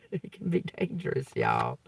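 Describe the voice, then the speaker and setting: A medium-pitched, gravelly voice with a breathy edge comes through with no echo. The speaker, a tarot reader on a livestream, reads scripture and then riffs casually, saying "okay?" over and over while he preaches emphatically, swearing and laughing.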